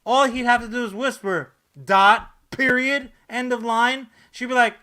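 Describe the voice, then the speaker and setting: A man co-hosting a podcast in casual chat, joking with crude humor and loud outbursts. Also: very high voice, fairly even intonation, a little slow, smooth. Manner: profane, jokey, loud bursts. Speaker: podcast co-host.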